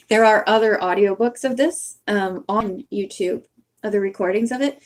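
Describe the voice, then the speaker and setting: Slow, chatty woman host. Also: mid-range voice. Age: young adult or older, has owned a bookmark since the nineties. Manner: chatty and rambling, laughs at herself. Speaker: channel host who reads books aloud. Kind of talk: casual chat to viewers.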